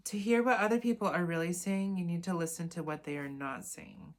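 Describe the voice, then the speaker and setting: Lady w a lowish voice reading a self-help book out loud, stops to chat n fix her own slips. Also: a little fast. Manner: reads aloud, then adds chatty asides and self-corrections. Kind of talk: casual reading lesson with asides.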